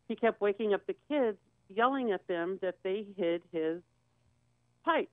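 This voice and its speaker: A woman's voice: medium pitch, expressive, unhurried, no room sound. Woman guest recounting a hard story, plain and candid, thin lo-fi line. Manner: candid, acts out quoted voices. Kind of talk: personal storytelling on a talk show. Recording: tinny phone-like dry sound.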